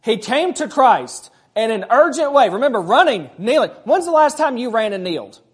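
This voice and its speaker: High-voiced man preaching a sermon. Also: very animated, normal speed, breathy edge. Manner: conversational preaching with frequent rhetorical questions. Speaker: pastor.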